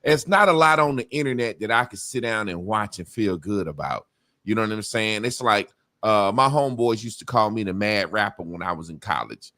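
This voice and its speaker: A man's voice: on the low side, expressive, a little fast, bright, forceful tone, no echo, clean studio sound. A middle-aged man in a casual conversation, talking bluntly with rambling asides and frequent swearing. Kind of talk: casual talk-show conversation.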